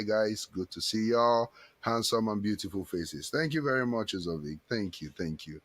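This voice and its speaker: A man's voice: mid-range voice, a bit bright, dry recording. A man hosting a live-stream chat show, reading out viewer comments and greeting them in a chatty, repetitive way. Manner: chatty, reads out viewer comments, repeats himself. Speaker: talk show host.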